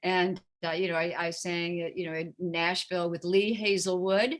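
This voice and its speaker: A woman's voice: on the low side, little pitch movement, moderate pace. An older woman chatting as an interview guest, rambling with many fillers and slipping into voices when she quotes people. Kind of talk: casual chat.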